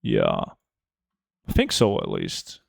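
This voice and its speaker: A man, streaming a game and chatting casually with viewers, relaxed and full of fillers. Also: extremely low pitch, slow, gravelly, no room sound, studio quality. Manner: relaxed, answers chat with many fillers. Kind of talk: casual live-stream chat.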